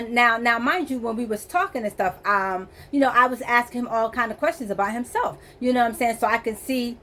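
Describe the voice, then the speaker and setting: A woman tells a chaotic personal story straight to her audience, animated and laughing as she goes. Her voice sits a little high for a woman. She slips into quick impressions of the people she quotes. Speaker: vlogger telling a personal story. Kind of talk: casual storytelling.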